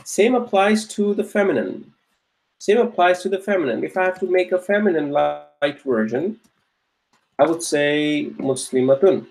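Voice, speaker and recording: A man's voice: on the high side, animated, moderate pace, darkish tone. A man teaching an online grammar class, patiently repeating each point and checking that students follow. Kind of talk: online Arabic grammar lesson.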